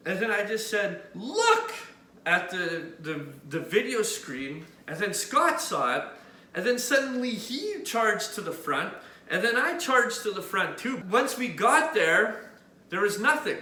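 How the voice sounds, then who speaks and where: A man from Canada telling a personal story on camera in an animated way, pointing out where things happened. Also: high voice, measured pace. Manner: animated, points out spots as he tells it. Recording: echoey room with faint noise.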